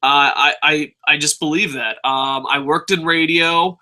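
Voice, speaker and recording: A man hosting a wrestling review show, ranting casually with lots of swearing and occasional shouting. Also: on the high side, measured pace, poor audio. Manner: excitable, profane, shouts at times.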